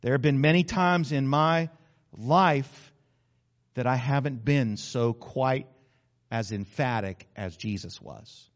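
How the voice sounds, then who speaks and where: A man's voice: medium pitch, slow, highs cut off. A man preaching a sermon as pastor, conversational and emphatic, with sudden exclamations.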